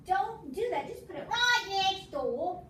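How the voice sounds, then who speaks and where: Casting: patient woman tutor, high and lively voice, recorded far off in an echoey room. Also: unhurried. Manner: patient, coaxing, drills with call-and-response. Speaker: math teacher. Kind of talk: casual home math lesson. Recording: echoey room from far off, faint background noise.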